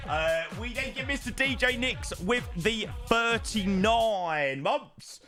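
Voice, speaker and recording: A man live-streaming a flight sim, chatting excitedly and thanking subscribers, calling everyone mate. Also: high-pitched, slow, music in the background. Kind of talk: live stream chat while flying.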